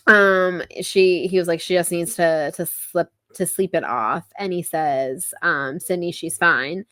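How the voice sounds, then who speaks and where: A young woman hosts a podcast, casually recapping a book chapter and retelling its scenes in an animated, chatty way, saying "like" constantly. Her voice is lowish and unhurried. There's no room sound.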